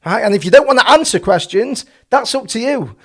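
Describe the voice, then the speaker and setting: Man, high voice, very animated, passionate ranting commentary, rhetorical questions. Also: fairly quick. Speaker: boxing channel host. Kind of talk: opinionated commentary.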